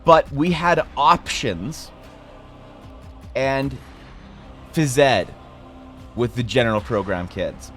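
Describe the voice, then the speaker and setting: A young man tells a story on his live art stream, rambling and poking fun at himself. He swears casually, his pitch sits in the middle, and faint music plays behind him. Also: takes it slowly, pauses often, a bit bright. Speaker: streamer and artist.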